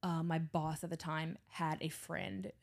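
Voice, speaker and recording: Animated, swearing woman telling stories. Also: low voice, unhurried, creaky. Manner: animated storyteller, swears freely, does voices of people in her stories. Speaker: podcast co-host. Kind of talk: casual chat.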